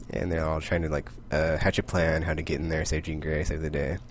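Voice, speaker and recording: A man's voice: very deep voice, little pitch movement, quick pace, few pauses, slight background noise. A young man casually recapping comic issues in a rambling way, full of fillers and quoted character lines. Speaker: comic book vlogger.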